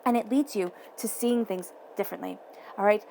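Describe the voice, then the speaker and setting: Speaking straight to her viewers, a woman delivers a tarot reading with emphasis, circling back to her key phrases. Her mid-range voice is creaky and dark in tone, moving at a moderate pace over slight background noise.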